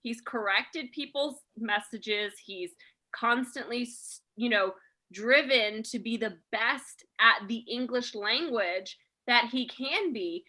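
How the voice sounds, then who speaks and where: Bright, high-voiced woman podcast host. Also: slow pace, low-quality recording. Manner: reads listener letters, then rants with sarcasm. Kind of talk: casual comedy podcast chat.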